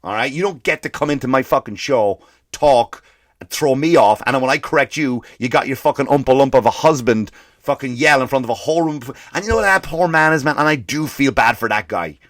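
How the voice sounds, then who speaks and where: A male comedian and podcast host ranting in a profane, animated way, slipping into mock voices for the people he quotes. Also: mid-range voice, fairly quick, dry recording, clean studio sound. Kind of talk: comedic rant.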